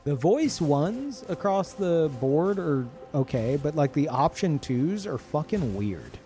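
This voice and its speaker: A man streaming a game live, rambling to his chat with swings of excitement. His voice sits a bit high and leaps around a lot. He swears freely, laughs often and has faint music under him. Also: takes it slowly. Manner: talks to chat. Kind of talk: casual live gameplay commentary.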